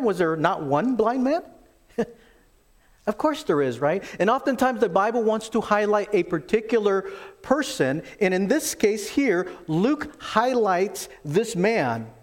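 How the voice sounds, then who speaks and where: A man preaching a sermon, animated in his storytelling and acting out the quoted voices. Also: high voice. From lived in Texas. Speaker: pastor.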